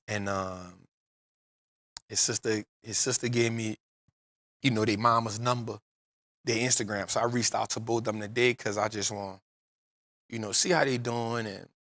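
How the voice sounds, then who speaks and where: A man's voice: fairly low pitch, a bit bright, dry recording, studio quality. A man hosting a podcast, telling an emotional personal story in casual street slang. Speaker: podcast host. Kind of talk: casual chat.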